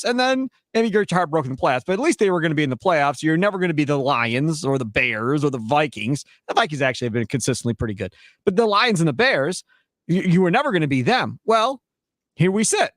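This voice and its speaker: Sports talk guy laying it out for listeners, slightly high voice, dry studio sound. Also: big pitch swings, a bit bright, dry recording. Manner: measured, explaining to listeners. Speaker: sports radio co-host.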